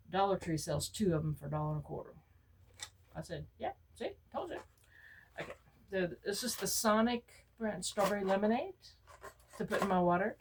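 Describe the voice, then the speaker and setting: Older woman, lowish voice, casual chatty haul vlogger who keeps quoting herself. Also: rough recording. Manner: chatty storyteller, quotes herself in high bursts. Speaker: vlogger showing store purchases. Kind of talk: casual haul chat to camera.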